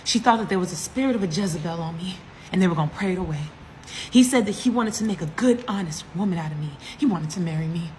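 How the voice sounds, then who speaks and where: A woman telling a comedic story time, animated and dramatic, with frequent asides to the audience. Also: on the low side, quick pace, slight background noise. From US East Coast.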